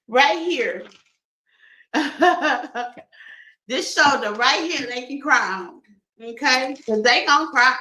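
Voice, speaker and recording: A woman's voice: sits high, expressive, very slow, pauses often, bright, forceful tone, roomy sound, rough recording. A woman doing a casual tarot reading for her viewers, playful and laughing often as she talks to them like friends. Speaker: tarot reader.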